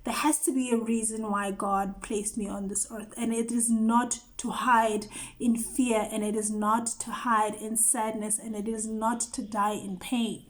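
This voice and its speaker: A woman's voice: on the high side, level tone, a little slow. A woman hosting a show, giving an earnest personal testimony and repeating phrases for emphasis. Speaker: host.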